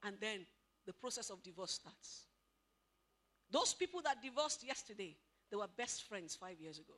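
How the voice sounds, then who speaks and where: A woman giving an animated talk at a couples' marriage seminar, questioning the audience and acting out what spouses say. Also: medium pitch, moderate pace. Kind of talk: lively motivational talk to an audience.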